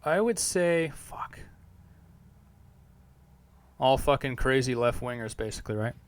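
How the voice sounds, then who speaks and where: A man's voice: mid-range voice, lively intonation, a little slow. A man hosting a podcast, answering listener questions in a loose monologue that is profane and full of fillers. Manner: rambling, profane, heavy on fillers. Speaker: podcast host.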